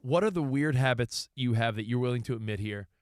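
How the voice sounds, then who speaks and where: A man's voice: mid-range voice, a little fast, dry recording, studio quality. A man co-hosting a sports radio show, owning up to his habits in a self-mocking way. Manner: self-deprecating, confessional. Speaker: radio co-host. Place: radio studio. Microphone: studio mic.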